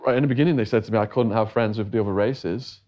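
A man's voice: fairly low pitch, rapid-fire, dark tone, muffled recording. A middle-aged English man telling a long story in a casual interview, acting out the voices of the people he quotes. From England. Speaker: interview guest.

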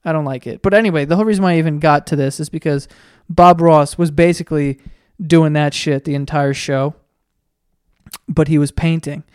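A podcast host rambles through a solo comedy bit, swearing freely and jumping between animated tangents. The voice is captured close and dry, with no room sound. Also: medium pitch, a little fast, clear, resonant tone, no room sound. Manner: rambling, profane, animated storytelling. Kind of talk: comedic monologue.

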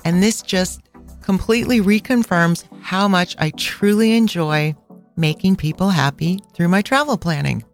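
A middle-aged woman co-hosting a casual travel podcast, chatty and quick to laugh, recorded close on a studio mic. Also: on the low side, faint music behind. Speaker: podcast co-host and travel planner.

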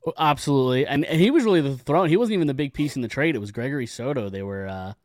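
A man's voice: medium pitch, lively intonation, racing, a little mellow, no echo, studio quality. A man guesting on a sports podcast, talking casually and at length, often repeating words as he starts a thought.

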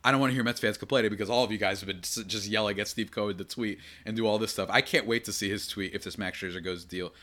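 A man hosting a solo sports podcast, talking in a rambling, excitable way with many fillers and restarts. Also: on the low side, quick pace, few pauses. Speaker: podcast host.

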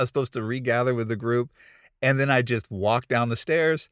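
A man's voice: medium pitch, moderate pace, fairly bright tone, clear, resonant tone, dry recording, studio quality. A man who is a pastor, telling a funny story about his own failures in a casual, self-deprecating way and laughing at himself. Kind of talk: storytelling sermon with humor.

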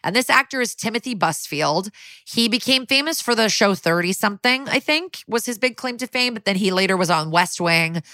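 A woman co-hosting a podcast, casually recapping a TV crime episode and quoting the characters in quick put-on voices. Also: mid-range voice, lively intonation, pushed and bright, no echo. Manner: chatty, quotes characters in little voices. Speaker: podcast co-host.

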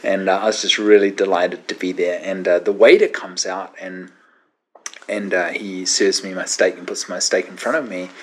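A man, a guest minister, telling an animated anecdote in an interview, with many fillers and acted-out quotes. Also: low voice, normal speed, breathy edge.

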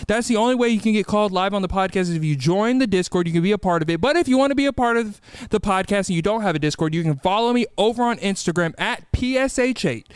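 A man's voice: high voice, clear, resonant tone, no echo. A man hosting a podcast in a studio, chatting casually and energetically, rambling as he gushes about his listeners. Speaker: podcast host. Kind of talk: casual podcast intro chat.

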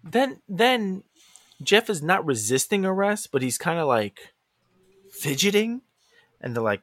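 A man's voice: measured pace, long pauses, dry recording, studio quality. A man co-hosting a casual wrestling podcast, retelling a show with acted-out quotes and big jumps in his voice. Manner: animated storyteller, acts out quotes with big pitch jumps. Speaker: podcast co-host. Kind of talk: casual wrestling recap chat.

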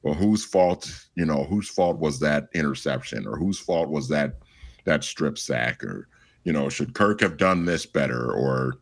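A man with a deep, low voice joins a sports podcast as a guest over a headset mic. He thinks out loud, circling his point with fillers as he goes. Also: a little slow, vocal fry. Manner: thoughtful, searching with many fillers. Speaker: podcast guest, radio host. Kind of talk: casual sports podcast chat. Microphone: headset microphone.

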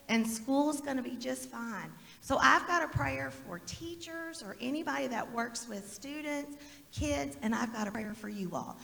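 A woman's voice: fairly high pitch, creaky, fairly bright tone. A woman who teaches, leading a children's message in church, asking the kids questions and encouraging them. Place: church sanctuary. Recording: echoey church hall.

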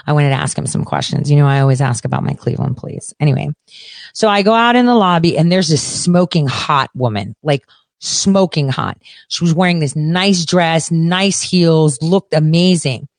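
A woman's voice: sits low, lively intonation, moderate pace, no echo. Blunt, profane woman ranting, dry mic. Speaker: podcast host. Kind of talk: ranting monologue.

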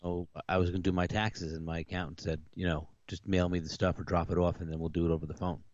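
A man's voice: low voice, little pitch movement, fast, darkish tone, no room sound, dull audio. A man co-hosting a casual chat, hesitant and often saying "you know". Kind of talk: casual conversation.

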